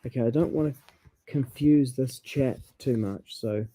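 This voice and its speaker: A man, chatting casually about language and reading passages aloud with halting restarts. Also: medium pitch, warm tone.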